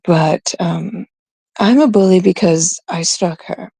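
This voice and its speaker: A woman's voice: on the low side, slow pace, vocal fry, dark tone, slightly rough, no room sound. A woman from Canada hosting her own livestream, talking in a gossipy, confiding, rambling way. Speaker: streamer, host of her own show. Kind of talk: casual livestream chat.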